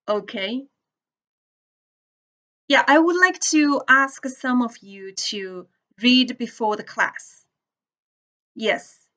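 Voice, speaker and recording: A woman teaching English pronunciation to a class, explaining slowly and checking in with students as she goes. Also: a little high, a bit bright, muffled recording. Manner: slow, deliberate explaining with questions to the class. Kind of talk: classroom lecture.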